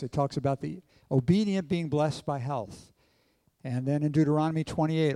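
A man preaching a sermon at a measured pace, putting questions to his congregation. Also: fairly high pitch, warm tone, dry recording, long reverb tail. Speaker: pastor.

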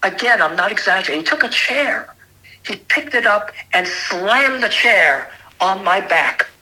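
Older man from New York City, bright voice, earnest and emphatic, giving his testimony as an interview guest. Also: sits high, expressive, unhurried, rough recording. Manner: earnest, emphatic, with frequent restarts.

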